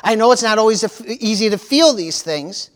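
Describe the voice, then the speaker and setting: A man preaching a sermon in a church, lively and playful, acting out panicked voices and calling out to the congregation. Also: high voice, normal speed. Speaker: pastor.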